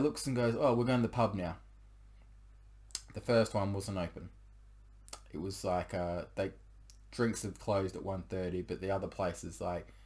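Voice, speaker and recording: A young man with a lowish voice tells a personal story in casual confessional style. He rambles, with frequent fillers and restarts. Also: gravelly, a little mellow.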